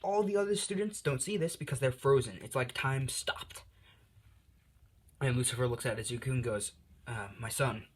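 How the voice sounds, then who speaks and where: A man's voice: medium pitch, normal speed. A man hosting his channel, improvising a fan story in a rambling, self-deprecating way with lots of fillers.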